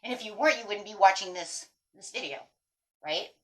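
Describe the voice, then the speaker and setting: A tarot reader does a casual reading, speaking directly to her viewers in an animated, emphatic manner and swearing now and then. Her voice is medium-pitched and a little fast.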